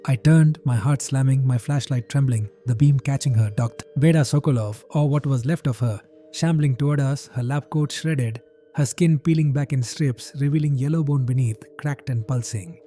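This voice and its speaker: Dark-voiced male horror narrator. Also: medium pitch, normal speed, faint music behind. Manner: tense, clipped phrases. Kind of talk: first-person horror narration.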